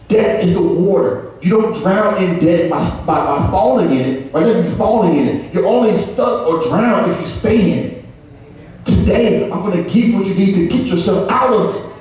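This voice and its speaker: A man preaching in a big church hall, his high voice ringing with heavy echo. He sounds a little distant from the mic, and he calls on the crowd to answer back. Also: normal speed. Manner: animated preaching with call-and-response and acted quotes. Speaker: pastor. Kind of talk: sermon. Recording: echoey hall, far from mic.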